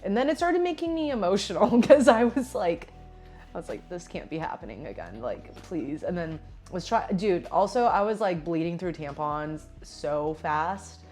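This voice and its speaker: A woman's voice: fairly low pitch, lively intonation, normal speed, darkish tone, faint music behind. A woman in her twenties telling a casual storytime, chatty, laughing often and saying "like" a lot. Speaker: vlogger.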